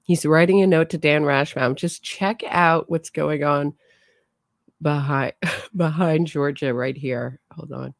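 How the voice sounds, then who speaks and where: A woman's voice: low-pitched, fairly even intonation, slow, gravelly, dry recording, clean studio sound. A woman hosting a true crime show, casually commenting and thinking aloud as she talks to her viewers.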